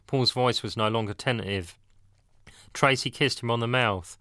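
A man narrating an audiobook in a steady, matter-of-fact reading. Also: mid-range voice, moderate pace, no echo, studio quality.

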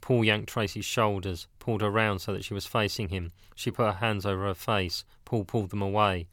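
Low-voiced man reading a story. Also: steady tone, a little fast, a bit bright, no room sound, clean studio sound. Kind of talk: scripted narration.

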